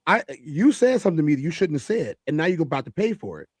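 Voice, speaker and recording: A man leads a heated panel discussion. His voice sits a little high, and he talks emphatically, repeating phrases for stress. The sound is dry and close, with no room echo. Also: sing-song, quick pace, husky.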